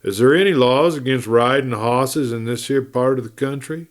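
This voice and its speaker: Drawling cowboy drifter read by a man, cool, wry, cheerful, mid-pitched voice. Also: normal speed, lightly acted.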